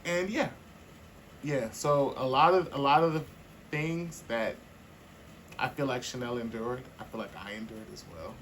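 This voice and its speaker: A man co-hosting a podcast in casual, candid chat, animated and quick to laugh. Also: mid-range voice, slight background noise, poor audio. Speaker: podcast co-host.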